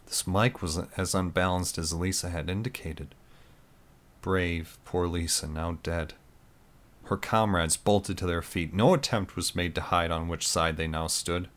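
Deep-voiced male storyteller. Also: a bit bright. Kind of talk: first-person story narration.

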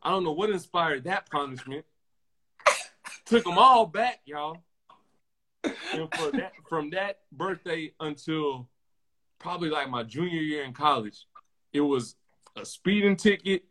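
A young man hosting a casual podcast, talking in slang and telling animated stories with lots of repeated phrases. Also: a little high, unhurried. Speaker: podcast host.

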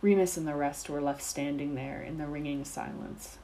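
A woman narrating a fan fiction chapter aloud in a steady, descriptive reading. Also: sits low, moderate pace, slight background noise, poor audio.

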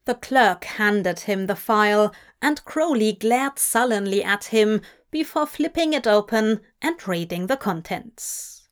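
A woman narrating a fanfic audiobook in a measured, expressive storytelling voice. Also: mid-range voice, clean tone. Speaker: audiobook reader. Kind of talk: scripted narration.

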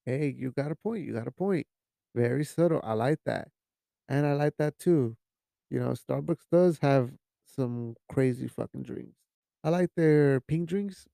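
An unhurried young podcast host speaks at medium pitch with a creaky, warm voice. He wanders through his talk, cursing freely and slipping into Spanish now and then. The audio is clean studio quality with no room sound.

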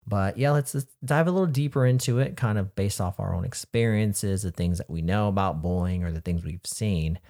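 Brief: laid-back male podcast host, slightly low voice, chatty openers. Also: fairly quick, hardly any pauses, mellow. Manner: easygoing, rambling intros with fillers. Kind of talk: casual podcast chat.

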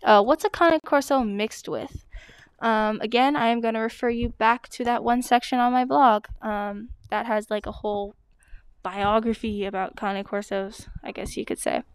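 A woman hosts a casual question-and-answer vlog, talking in a chatty way with plenty of hesitant fillers. Her voice sits a little high and sounds exceptionally clear and smooth. The recording is dry, with no room echo. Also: fairly even intonation, normal speed. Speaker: dog blogger answering breed questions.

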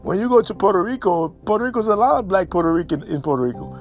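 A man from Haiti speaks in a blunt, casual monologue. His voice sits high, and he hammers points by repeating them. Faint music plays underneath. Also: animated, fast. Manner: blunt, emphatic, repeats himself for stress. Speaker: commentator. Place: New York and elsewhere in the States.

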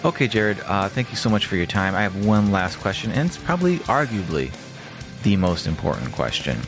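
Low-voiced chatty man hosting a podcast. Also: sing-song, a little fast, music in the background. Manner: rambling, chatty, casual swearing. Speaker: podcast host. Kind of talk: casual podcast interview.

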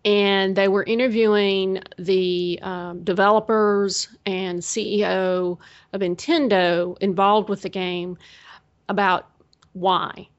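A woman co-hosting a podcast talks in a relaxed, chatty way with a Minnesota accent. Her voice sits at an everyday middle pitch and grows lively when she quotes her own reactions. The audio is a little dull and lo-fi. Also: takes it slowly. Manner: chatty, animated when quoting herself. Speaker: podcast co-host. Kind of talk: casual chat.

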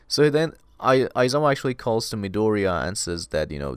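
A man casually recapping an anime episode, excitable and full of "you know" fillers. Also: on the low side, a little fast, hardly any pauses, clean tone, no echo.

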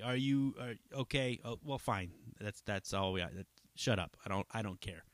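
A man's voice: lowish voice, normal speed, fairly bright tone, no room sound. A man hosting his own podcast in a loose, rambling chat, swearing freely and drifting between asides. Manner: rambling and profane, full of fillers and asides. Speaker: podcast host. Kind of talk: casual chat.

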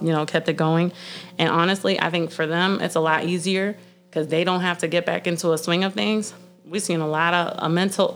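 Casting: young woman, low voice, blunt, profane, casual podcast chat. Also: a bit bright. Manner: blunt, swears often, laughs a lot.

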